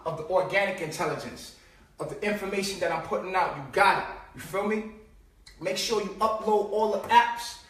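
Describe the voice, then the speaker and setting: High-voiced man preaching loosely on a live stream. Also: a bit bright, roomy sound, recorded from a distance. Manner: preachy, profane, laughing, with rhetorical questions. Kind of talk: casual live-stream monologue.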